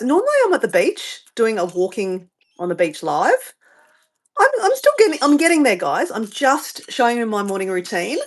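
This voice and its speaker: A woman with an Australian accent, from Southeast Queensland, chatting casually while hosting a livestream from her home and rambling off on tangents. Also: medium pitch. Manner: rambling, chatty, easily sidetracked. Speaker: livestream host. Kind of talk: casual live-stream chat.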